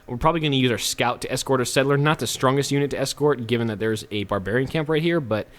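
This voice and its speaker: Speaking fast in a slightly bright, middle-pitched voice, a man hosts a let's play with easygoing gameplay commentary. He chats along, cracking jokes and making self-deprecating asides.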